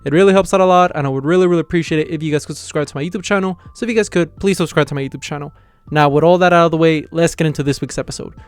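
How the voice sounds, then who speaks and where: A man with a slightly higher voice races through a casual anime episode recap, leaning heavily on "you know" and "like". His voice comes across smooth and clean. The recording is dry and close, with no room sound. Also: racing, dry recording, faint music behind. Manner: stumbles and restarts on words. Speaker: anime reviewer, channel host. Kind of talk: casual episode reaction review.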